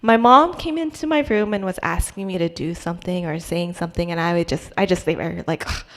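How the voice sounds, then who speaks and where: A woman's voice: lowish voice, brisk, a bit bright. Young woman sharing a testimony in a reverberant hall. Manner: conversational, hesitant, many restarts and fillers. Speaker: church speaker sharing a testimony. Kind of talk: personal testimony talk.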